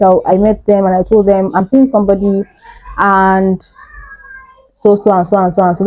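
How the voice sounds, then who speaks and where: A young Nigerian woman vlogger telling a personal story in an animated way, laughing often. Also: medium pitch, dry recording, dull audio. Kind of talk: storytime vlog.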